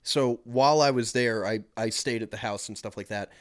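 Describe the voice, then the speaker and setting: A man's voice: mid-range voice, brisk, dry recording. A man co-hosting a casual podcast, telling stories at his own loose pace. He rambles, doubles back and fills gaps with "um" and "like." The mic is close and dry, with no room sound. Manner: rambling, many fillers and restarts. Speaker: podcast co-host. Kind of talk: casual chat.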